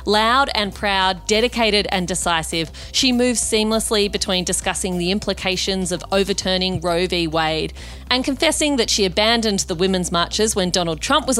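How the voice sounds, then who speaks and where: A woman's voice: medium pitch, fairly bright tone. A woman hosting a podcast, upbeat and playful, moving from a scripted intro into an interview. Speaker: podcast host.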